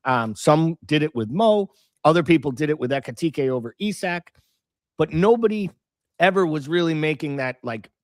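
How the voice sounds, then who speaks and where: A man co-hosting a casual football podcast, measured and analytical, laying out his points one by one. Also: a little high, no room sound, clean studio sound. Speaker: podcast co-host.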